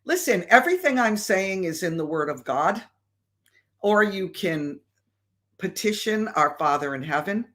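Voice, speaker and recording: A woman hosting a live stream and answering viewer questions in a casual, deliberate way with many fillers. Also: medium pitch, sing-song, fairly bright tone.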